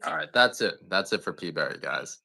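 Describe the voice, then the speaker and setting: During a live coffee sale, a man talks in a low, creaky voice with a sharp tone, animated and brisk. He rambles casually, cracking jokes and swearing from time to time.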